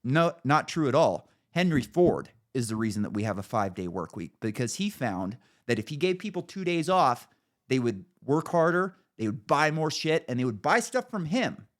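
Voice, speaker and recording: A man's voice: medium pitch, sing-song, moderate pace. A man hosting a podcast, ranting in casual chat with an emphatic, profane manner. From United States. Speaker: podcast host.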